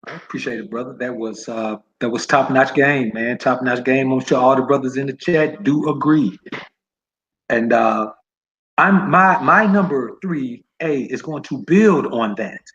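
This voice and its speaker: A man's voice: medium pitch, a bit bright. Man on a dull lo-fi remote line. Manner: measured, repeats his points. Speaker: guest co-host. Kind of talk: livestream talk.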